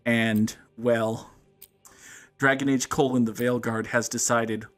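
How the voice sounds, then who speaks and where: A man's voice: mid-range voice, flat delivery, slow, fairly bright tone, faint music behind. A man hosting a let's play, giving casual gameplay commentary with jokes, wry asides and frequent laughs.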